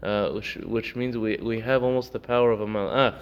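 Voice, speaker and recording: Teaching a relaxed Torah class, a man narrates stories with plenty of fillers and voices each character himself. His lowish voice is smooth and steady, moving a little fast. The recording sounds dull and lo-fi, with a faint hiss.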